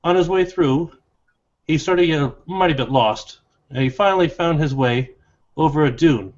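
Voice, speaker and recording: A man's voice: on the high side, moderate pace, a little mellow. A man with a folksy, drawling manner telling a long joke during a tabletop game. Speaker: player. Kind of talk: storytelling a joke in character. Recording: dull lo-fi recording.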